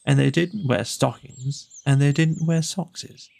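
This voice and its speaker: Slow gravelly man reading poems. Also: a little high, a little mellow. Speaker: storyteller. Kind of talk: reading children's poems aloud.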